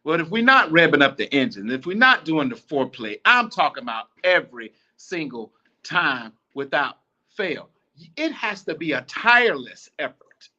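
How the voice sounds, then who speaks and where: A man's voice: fairly high pitch, very animated, moderate pace, bright, forceful tone, muffled recording. A man hosting a podcast, giving blunt, profane advice in a casual, preachy, repetitive monologue. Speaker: podcast host.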